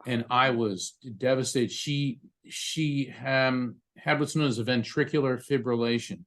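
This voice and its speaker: A man with a middle-pitched voice talks through a personal story on a podcast. He stops often and repeats his words, and his telling stays heartfelt. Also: fairly even intonation, unhurried, a bit bright. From United States. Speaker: psychic medium and attorney, podcast guest.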